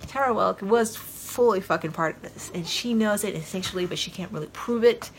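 A woman's voice: medium pitch, fairly quick, slight background noise. A woman podcast host giving a casual, rambling recap of a TV episode, full of fillers as she retells the scenes.

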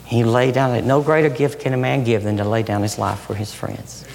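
A middle-aged man preaching a sermon with passion, swinging from loud emphatic lines down to soft, hushed ones. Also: mid-range voice, steady tone, moderate pace, creaky, slight background noise. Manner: impassioned, rising and falling between loud emphasis and soft near-whispers. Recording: long hall reverb.

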